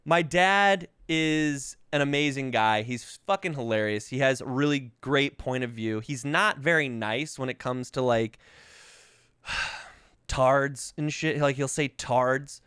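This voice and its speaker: A man in his thirties hosts a podcast while sick with covid, coughing between casual, profane comic stories. His clean-toned, mid-range voice is unhurried, and the recording is dry and studio-clean. He's animated and voices quoted characters himself.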